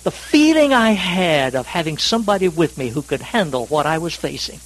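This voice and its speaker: Folksy preacher, higher voice. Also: male voice, big pitch swings, moderate pace, rough recording. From North Carolina, USA. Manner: folksy, self-deprecating, dramatic swings in pitch and loudness. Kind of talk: sermon with humorous storytelling. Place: church service.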